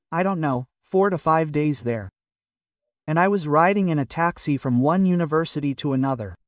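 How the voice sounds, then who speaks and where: A man's voice: fairly high pitch, no room sound, studio quality, distant mic. An older man from Russia, a magazine publisher, talking in a hesitant, rambling way full of fillers in a casual interview.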